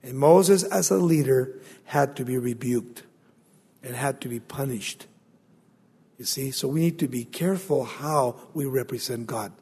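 A man preaching a sermon, building to loud emphasis and acting out the voices of biblical figures. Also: mid-range voice, unhurried, breathy edge. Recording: long hall reverb.

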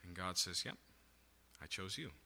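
A man's voice: low-pitched, animated, normal speed, vocal fry, bright, forceful tone, long reverb tail. A man preaching a sermon, teaching through a Bible passage and checking in with the room with "okay?" and "right?". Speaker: pastor.

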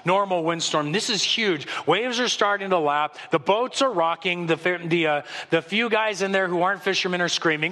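A man preaching a sermon as pastor, telling the story with animated storytelling and acting out the voices. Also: high voice, a little fast. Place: church sanctuary. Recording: long hall reverb.

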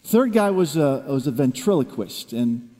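A man preaching a sermon, telling a personal story in hushed low tones that rise into emphatic preaching. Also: very animated, normal speed. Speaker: pastor. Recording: long reverb of a large hall.

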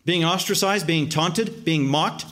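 A man with a somewhat high voice delivers a sermon. He preaches emphatically, piling up words in long repeated lists. He slows down to press on the words that matter most. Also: fairly bright tone. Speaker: pastor.

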